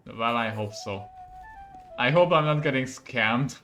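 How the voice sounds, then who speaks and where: A man's voice: medium pitch, takes it slowly, a bit bright, faint music behind. A young man from Hungary with a Hungarian accent, casually commenting on a game stream, laughing a lot and joking at himself. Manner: giggly, self-mocking, laughs often. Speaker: vtuber streamer.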